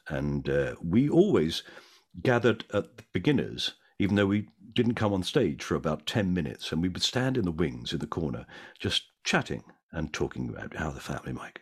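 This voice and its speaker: An older man, an actor, telling anecdotes as a podcast guest in an animated way. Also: sits low. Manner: animated raconteur. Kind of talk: anecdotal storytelling.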